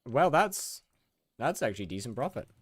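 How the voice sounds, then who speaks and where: A man's voice: medium pitch, sing-song, moderate pace, breathy edge, dry recording. A young British man casually chatting with his viewers while gaming, often stammering and repeating words. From United Kingdom. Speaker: streamer. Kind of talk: casual live-stream chat while gaming.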